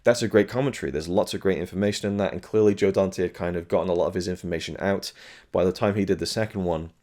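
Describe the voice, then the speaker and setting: A man's voice: low-pitched, steady tone, fast, a little mellow. A man giving a frank, chatty spoken review of a film release as the host of his own channel. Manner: frank and chatty, with fillers and blunt remarks.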